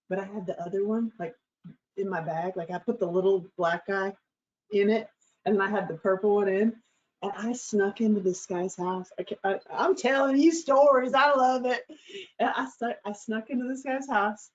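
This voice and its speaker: A woman's voice: medium pitch, a little mellow. A woman hosting her show, telling a candid personal story in a bubbly, crude, laughing way. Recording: slightly dull lo-fi recording.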